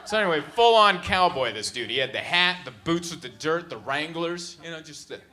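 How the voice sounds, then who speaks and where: A man in his thirties doing stand-up in a club, telling stories in an animated, exasperated way on a handheld mic. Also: fairly high pitch, brisk. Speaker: stand-up comedian. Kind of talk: stand-up comedy storytelling. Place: comedy club stage. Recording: live club recording with background noise.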